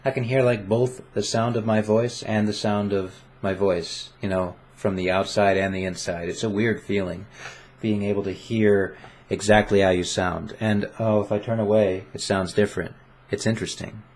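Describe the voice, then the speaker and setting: A man's voice: on the low side, fairly even intonation, normal speed, darkish tone. A young man vlogging casually into a desk condenser microphone in front of his webcam, playful and self-mocking, rambling with restarts. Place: home room with webcam. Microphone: desk condenser mic.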